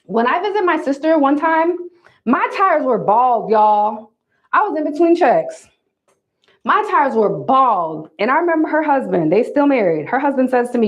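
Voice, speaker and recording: A fairly high-voiced woman talks straight to her livestream viewers, calling them y'all. Her delivery is emphatic and preachy. The sound is a bit dull and lo-fi. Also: sing-song, moderate pace. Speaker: livestream host giving dating advice. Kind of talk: casual livestream talk to viewers.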